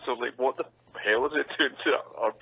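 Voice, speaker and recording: A young man who is an actor, talking casually in an interview. He speaks at an ordinary middle pitch, laughs easily and acts out what people said. The sound is slightly muffled and lo-fi. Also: brisk, creaky, breathy edge. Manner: chatty, laughs often, acts out quotes. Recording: dull lo-fi sound.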